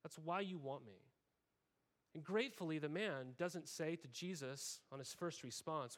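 Talkative pastor with a higher voice. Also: male voice, normal speed. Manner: conversational, frequent "right?" tags, acts out quoted voices. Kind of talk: sermon.

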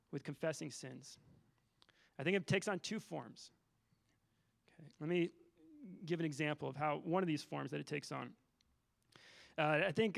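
A man's voice: a little high, creaky. A man in his thirties giving a sermon, telling a candid personal story with many restarts and fillers. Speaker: teacher giving a church teaching.

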